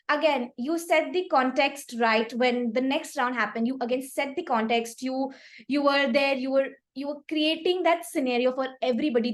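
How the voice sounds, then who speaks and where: A young woman with a high voice gives warm, encouraging feedback at a speaking club meeting. She praises each speaker in turn and offers a gentle suggestion to each. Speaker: table topics evaluator.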